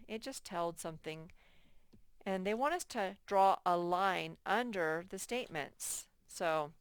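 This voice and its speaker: A woman leads a recorded first-grade lesson at an unhurried, patient pace, saying each point again and stretching out the example sentences. Her voice is smooth and clear and sits a little low for a woman. The recording is dry and close, with no room sound. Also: no room sound. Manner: slow, patient, repeats key points, reads examples aloud very slowly. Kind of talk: recorded workbook lesson for children.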